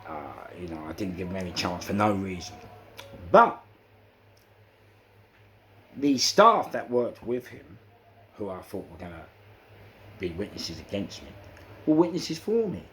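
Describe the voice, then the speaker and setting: London guy telling prison stories, lowish voice, acts out the back and forth, lots of "you know", faint hiss behind. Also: very animated, a little slow, long pauses, fairly bright tone. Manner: acts out quoted exchanges, frequent "you know" fillers. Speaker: interviewee recounting prison life. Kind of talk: animated storytelling.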